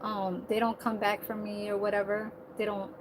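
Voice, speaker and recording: Her pitch is medium and her tone level, and she speaks at normal speed with background noise present. She's a server at a senior living community, vlogging in an unstructured, profane monologue and laughing at her own digressions about the work.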